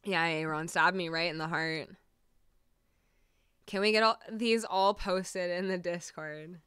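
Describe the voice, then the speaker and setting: A woman's voice: on the low side, measured pace, fairly bright tone, smooth, no echo, clean studio sound. A woman livestream host chatting casually and emotionally between songs, reading out viewers' comments, with many fillers and laughs. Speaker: streamer and singer.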